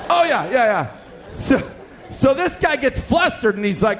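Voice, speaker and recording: A man's voice: extremely high pitch, a little fast, a faint crowd, a little hiss or hum. A middle-aged man from Canada, a pastor telling a funny story in a sermon and acting out the voices of the people in it. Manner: animated, jokey, acts out dialogue.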